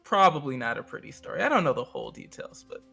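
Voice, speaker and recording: An easygoing man plays a tabletop game, hesitating and trailing off as he talks. His voice is bright and a little high, with faint music behind. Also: big pitch swings, fast talker, gravelly, slightly rough. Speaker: player. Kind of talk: casual game chat.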